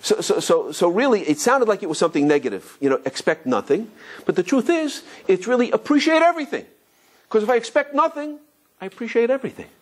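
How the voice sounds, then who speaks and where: Fast, animated rabbi telling a story. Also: male voice, high voice. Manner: animated, full of restarts, acts out kids' voices. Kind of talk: storytelling talk.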